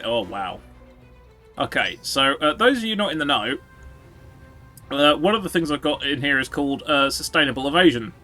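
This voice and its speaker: Male streamer, lively pitch and a bright, forward tone, dry sarcastic game commentary laced with swearing, faint music underneath. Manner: sarcastic, swearing, jokey asides to chat. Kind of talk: casual gameplay commentary.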